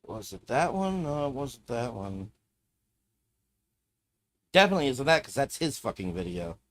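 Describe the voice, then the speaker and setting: A man's voice: medium pitch, very animated, normal speed, a bit bright. Profane ranting male streamer. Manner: profane, ranting, muttering to himself while browsing. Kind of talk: casual live-stream commentary.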